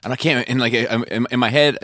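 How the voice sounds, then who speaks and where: A man's voice: mid-range voice, fairly even intonation, fast talker, sharp tone, dry recording, clean studio sound. A man talking in a loose, rambling casual chat, swearing freely and restarting his sentences often.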